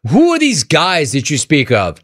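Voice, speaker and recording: A man hosting a radio call-in show, riffing sarcastically between callers with animated banter. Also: fairly high pitch, normal speed, no echo, clean studio sound.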